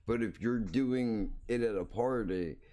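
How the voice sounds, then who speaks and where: A podcast host tells a rambling story on his own show in a casual monologue, blunt and swearing freely. His voice is lowish and mellow, and he speaks a little slowly.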